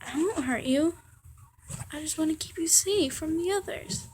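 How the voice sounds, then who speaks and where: Woman doing a hushed, possessive young man. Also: high voice, normal speed, a little hiss or hum, voice pushed up, lightly acted. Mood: coaxing. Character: possessive, menacing young man, soft-spoken.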